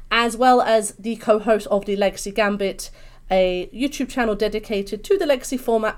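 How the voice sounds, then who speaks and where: A young woman from London with a British accent, a guest chatting in an interview, bubbly and expressive. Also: medium pitch. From London, England. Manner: bubbly, expressive, swings into animated voices. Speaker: podcast guest. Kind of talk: casual interview chat.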